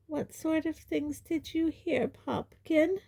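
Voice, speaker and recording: A woman doing a hushed, anxious aunt. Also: on the high side, flat delivery, slow pace, voice pushed up. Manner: breathy, hushed. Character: anxious, fussing thin middle-aged aunt. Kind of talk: audiobook character reading.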